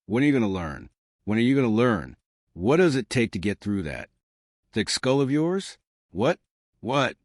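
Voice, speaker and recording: A man reading aloud and voicing a gruff, exasperated Marine drill sergeant who yells at a recruit. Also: medium pitch, big pitch swings, normal speed, pauses often, no room sound, studio quality. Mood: angry scolding. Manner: yelling, exasperated, blustering.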